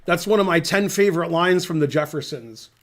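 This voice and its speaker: A middle-aged man with a slightly higher-than-usual voice, casually commentating a chess game. He drifts into long, dry, rambling digressions. His delivery is loose, offhand and conversational. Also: animated, brisk, fairly bright tone.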